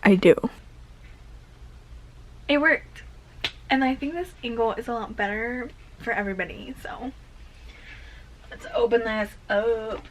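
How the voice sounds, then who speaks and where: A woman's voice: on the high side, unhurried, long pauses, background noise. A young adult woman chatting casually to camera in a daily vlog, often cooing at her cat. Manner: chatty, talks baby-talk to her cat. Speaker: vlogger.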